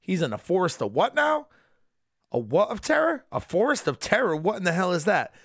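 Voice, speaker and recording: A man putting on a brash young woman asking where her husband is, in slangy, incredulous speech, as a quick aside in a recap. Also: high voice, animated, fairly bright tone, dry recording, clean studio sound, voice pushed up. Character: brash young adult woman, mother demanding answers.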